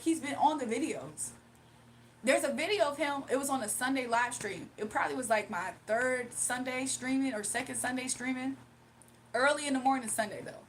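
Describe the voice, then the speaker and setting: A woman's voice: sits high, fairly bright tone, a little hiss or hum. A woman live streamer ranting casually, indignant and emphatic, with frequent laughs. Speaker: live streamer and spiritual reader.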